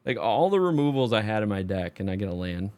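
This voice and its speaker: A man's voice: fairly low pitch, very animated, quick pace, darkish tone, clean tone. Exasperated self-mocking man commentating. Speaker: streamer. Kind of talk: voice-over commentary on a card game.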